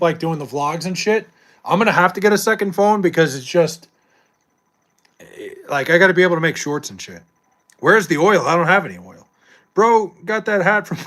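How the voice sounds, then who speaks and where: A man's voice: on the high side, a bit bright. A young adult man streaming live, chatting casually with viewers and reading chat, loose and profane with frequent laughs.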